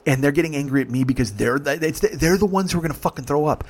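A man's voice: fairly high pitch, fast talker. A middle-aged man hosting a podcast, telling a story emphatically with heavy swearing. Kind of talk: profane storytelling monologue.

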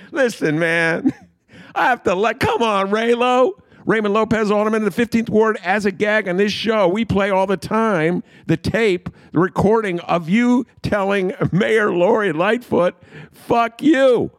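A man's voice: sits high, animated, a little slow, dry recording, clean studio sound. A middle-aged man hosting a political podcast, riffing sarcastically and mocking the people he talks about. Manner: sarcastic, riffing, mocking quotes in funny voices. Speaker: podcast host. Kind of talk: casual political commentary.

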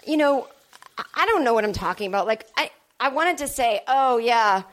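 High-pitched, animated and fairly quick, her voice has a fairly bright tone. The comedian is alone on her podcast, telling a wandering story with sarcastic self-mockery, speaking into a podcast microphone.

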